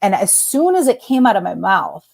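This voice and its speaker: A woman in her forties, a former executive, telling a personal story as a guest in animated conversational style, full of fillers and restarts. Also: mid-range voice, normal speed, gravelly.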